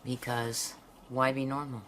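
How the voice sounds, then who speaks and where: A woman hosting a craft video, chatting to viewers while she swatches pens and dropping into soft half-whispered asides. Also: extremely low pitch, level tone, unhurried, slight background noise. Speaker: craft channel host. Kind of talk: casual swatching narration.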